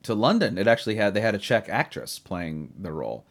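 A man's voice: on the low side, sing-song, brisk. A man hosting a casual chat, talking in long rambling runs full of restarts and asides. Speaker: podcast host.

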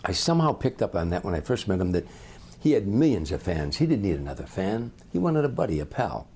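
An older man, a comedian, telling lively anecdotes in an interview and acting out the people in them. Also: deep voice, a little fast, slight background noise. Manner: animated raconteur, acts out voices. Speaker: comedian guest.

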